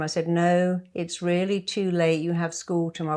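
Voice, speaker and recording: A woman's voice: fairly low pitch, level tone, moderate pace, hardly any pauses, warm tone. An older woman, a therapist, giving advice and acting out little dialogues in different voices. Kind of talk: advice talk to camera.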